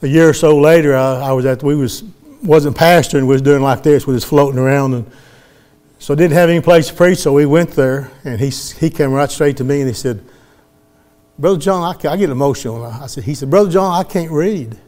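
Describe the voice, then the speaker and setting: A man's voice: medium pitch, brisk, darkish tone. A middle-aged man, preaching a sermon as he tells a story in a folksy way and acts out the voices of the people in it. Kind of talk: sermon testimony.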